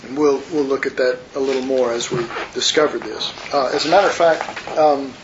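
A man's voice: medium pitch, fairly even intonation, a little fast. A man teaching a Bible study in an earnest, rambling, conversational way, talking to his listeners as folks. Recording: muffled lo-fi recording with faint hiss.

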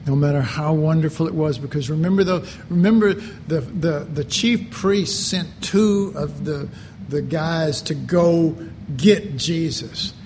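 A man preaching a sermon, slow and deliberate, with animated asides. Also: fairly high pitch, a little hiss or hum. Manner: slow, deliberate delivery with animated mock voices and laughter.

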